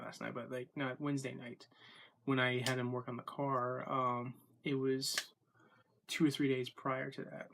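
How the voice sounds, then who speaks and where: A man's voice: medium pitch, fairly bright tone. A man hosting his daily vlog in a casual, rambling way, with many ums and self-corrections, and the hiccups. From Florida. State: has the hiccups. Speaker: vlogger.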